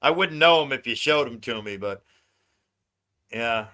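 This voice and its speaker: A man's voice: mid-range voice, expressive, unhurried, bright, forceful tone. A man hosting a casual livestream, ranting with lots of swearing and frequent laughter. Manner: profane ranting, laughs often. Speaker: livestream host.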